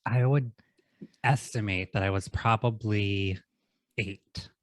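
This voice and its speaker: Forties male host, easygoing casual chat, quick laugh, dry close mic. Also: lowish voice, dry recording. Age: 40s. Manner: relaxed, laughs easily. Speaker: podcast host.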